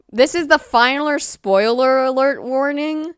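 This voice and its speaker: A woman's voice: sits high, takes it slowly, clear, resonant tone, dry recording, studio quality. A young woman streamer chatting casually and rambling, often apologizing and laughing as she explains things. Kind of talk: casual livestream chat.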